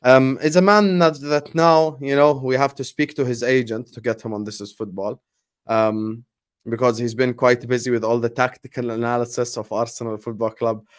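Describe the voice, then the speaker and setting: A man's voice: mid-range voice, steady tone, moderate pace. Guy hosting a football podcast, hyping up his guests, just chatting. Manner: hyping introductions, playful banter. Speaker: podcast host. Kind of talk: casual football podcast chat.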